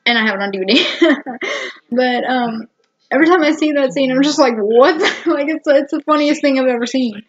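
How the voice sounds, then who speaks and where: A woman's voice: sits high, moderate pace. A woman vlogger chatting casually to camera, rambling and giggling with lots of fillers and restarts. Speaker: vlogger reviewing a TV episode. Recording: dull lo-fi home recording.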